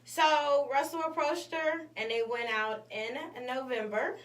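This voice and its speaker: A woman's voice: high voice, a little slow, fairly bright tone. A woman hosting a morning show, telling a story in casual chat with lots of fillers. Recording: echoey room, mic at a distance, faint noise.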